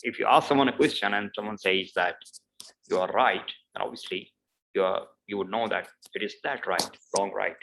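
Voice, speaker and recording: A man's voice: lowish voice, gravelly, fairly bright tone, slight background noise, poor audio. A man teaching a pronunciation lesson, repeating example words several times and explaining patiently. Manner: slow, repeats each word several times; explains patiently with many "obviously" and "uh".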